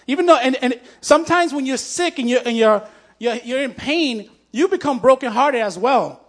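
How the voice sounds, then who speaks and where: A man's voice: very high-pitched, expressive, moderate pace. A man preaching a sermon, telling a personal story in a conversational, heartfelt way, with frequent fillers and restarts. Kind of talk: testimony sermon.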